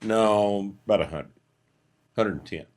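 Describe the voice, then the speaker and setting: A man's voice: lowish voice, unhurried, darkish tone. A middle-aged man with a Texan accent, a coach appearing as a guest, speaking in a dry, matter-of-fact way.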